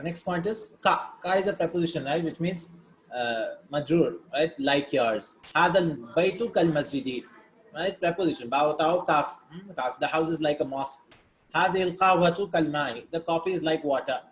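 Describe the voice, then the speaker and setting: A man's voice: on the high side, roomy sound, rough recording. A man teaching a grammar lesson, explaining patiently and often checking in with his students by asking "right?". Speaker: Arabic teacher.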